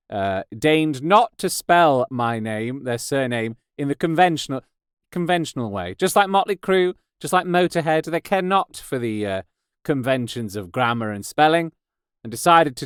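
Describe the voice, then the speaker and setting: A man's voice: medium pitch, clean tone, no room sound. A man hosting a podcast, rambling in a casual, self-mocking way with frequent laughs and restarts, recorded in a padded home studio booth. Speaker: podcast host and voice actor. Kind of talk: casual monologue.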